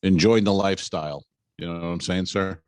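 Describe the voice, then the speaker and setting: A man's voice: deep voice, steady tone, a little fast, clean tone, dry recording. A middle-aged man co-hosting a comedy podcast, telling rambling stories and acting out what people said. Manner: rambling anecdotes, acts out quotes. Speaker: podcast co-host. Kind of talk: casual comedic storytelling.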